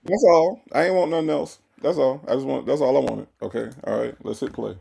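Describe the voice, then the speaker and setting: A man's voice: mid-range voice, fairly quick, gravelly, mellow, husky. A man hosting a reaction commentary show, mocking and teasing as he spells out words again and again. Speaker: host.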